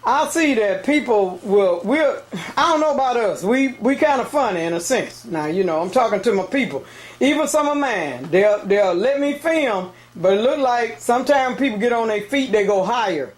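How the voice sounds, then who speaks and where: Brief: male street-show host, high voice, breathless, chatty, calls out to viewers. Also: expressive, moderate pace. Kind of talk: casual on-location interview.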